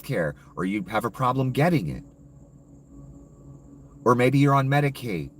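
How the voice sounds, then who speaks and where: A man's voice: mid-range voice, very animated, a little slow, far from the mic, a little hiss or hum. A man delivering a heated, profane, sarcastic political rant as a commentator.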